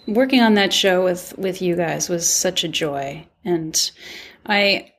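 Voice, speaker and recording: A woman's voice: lowish voice, takes it slowly. A woman chatting casually with former castmates, speaking thoughtfully and searching for her words. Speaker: actress reminiscing with former castmates. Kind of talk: casual chat.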